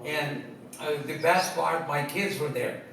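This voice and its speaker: A man's voice: on the high side, unhurried, gravelly. A man telling funny personal stories to a live audience, stumbling over restarts and laughing at his own punchlines. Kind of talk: humorous personal storytelling. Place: stage before a live audience. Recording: echoey hall, distant mic, loud noise.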